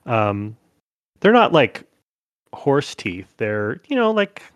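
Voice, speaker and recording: A man's voice: medium pitch, sing-song, slow pace, no room sound, highs cut off. A man narrating as game master of a tabletop horror game, rambling with many fillers and restarts.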